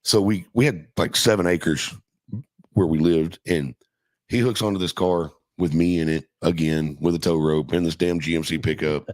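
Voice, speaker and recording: A man's voice: low voice, fairly even intonation, normal speed, no room sound. A middle-aged man casually telling a profane, laughing story from his youth as a podcast guest.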